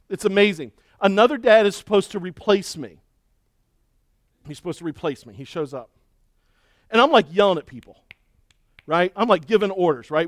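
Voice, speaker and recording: A middle-aged man preaching a sermon and telling a story with lively, acted-out shouting and cheering. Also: high voice, no echo, studio quality. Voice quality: balding. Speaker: pastor.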